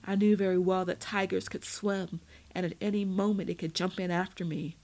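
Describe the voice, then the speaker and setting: A woman reading a first-person story aloud in a measured, steady storytelling manner. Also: fairly low pitch, low-quality recording. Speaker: narrator. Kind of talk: first-person audiobook narration.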